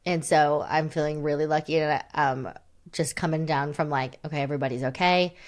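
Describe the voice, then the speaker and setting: A woman's voice: low voice, steady tone, fairly quick. A young woman co-hosting a podcast, chatting casually in a rambling, self-deprecating way and laughing often. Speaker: podcast co-host. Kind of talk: casual chat.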